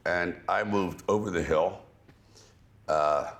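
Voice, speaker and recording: An older man hosting a relaxed conversational interview, talking in a slow, reflective drawl. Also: low voice, vocal fry. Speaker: host.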